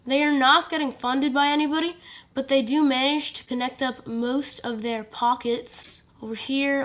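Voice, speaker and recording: A woman narrates an alternate-history map story for a map video, chatting loosely with lots of filler words and joking asides. Her voice is slightly high, and she comes across as relaxed and unscripted.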